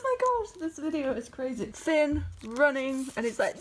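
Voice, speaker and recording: A young woman, an artist, showing her sketchbook in a casual, chatty vlog. She is excitable and scattered and keeps breaking off mid-sentence. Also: on the high side, moderate pace, hardly any pauses, a little hiss or hum. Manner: excitable, scattered, self-interrupting.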